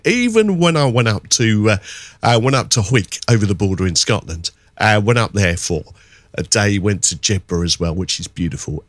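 Animated rambling man, dry sound. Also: lowish voice, no room sound. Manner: rambling, animated storytelling with put-on voices. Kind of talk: casual phone-in chat.

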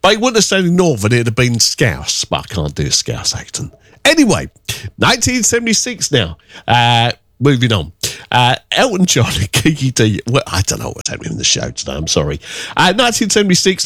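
A man's voice: brisk, dry recording, studio quality. A man presenting a radio music show in a chatty, self-deprecating way. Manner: chatty, self-deprecating, lively swoops in pitch.

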